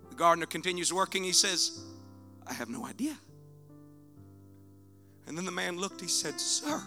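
A man preaching a sermon in church, swinging between shouted exhortation and hushed prayer. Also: fairly high pitch, animated, brisk, long pauses, over music.

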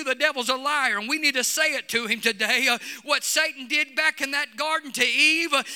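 A man preaching a fervent sermon as pastor, his voice swelling toward shouts. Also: very high voice, smooth. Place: church sanctuary. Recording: long reverb of a church hall.

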